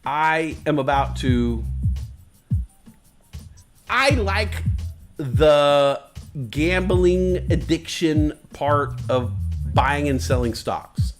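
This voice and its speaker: High-voiced man rambling slowly on stream. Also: lively intonation, music in the background. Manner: rambling and crude, drifting into silly asides. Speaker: livestream host. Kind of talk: casual stream chat.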